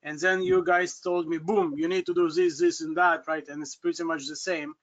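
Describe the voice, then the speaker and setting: A man's voice: fairly high pitch, animated, normal speed, gravelly. A man, new to coaching, asking a question on a call in a hesitant way with many fillers. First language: Russian. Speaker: caller, new business coach. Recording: dull lo-fi call audio.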